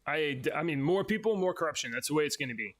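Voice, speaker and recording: A man's voice: fairly high pitch, lively intonation, fast. A man co-hosting a casual podcast chat, hedging and arguing his points with many restarts. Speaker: podcast co-host.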